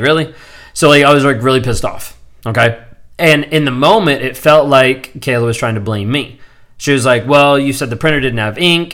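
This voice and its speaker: A man's voice: medium pitch, pushed and bright. A man in his thirties hosting a solo podcast, talking candidly and rambling with lots of filler words. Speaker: podcast host. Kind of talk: casual solo podcast monologue.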